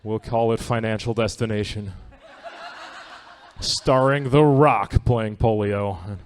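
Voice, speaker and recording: A man's voice: fairly low pitch, slow. A man doing a stand-up comedy set on a theatre stage. He talks in a loose, wry, conversational way and often checks in with the crowd. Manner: conversational, wry, asks the audience "right?".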